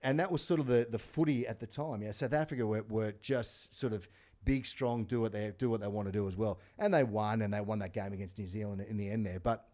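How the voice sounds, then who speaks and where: A middle-aged Australian man, a guest on a podcast, telling sports stories in casual chat with lots of animated restarts. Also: on the low side. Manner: rapid animated storytelling with restarts. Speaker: podcast guest, former rugby player.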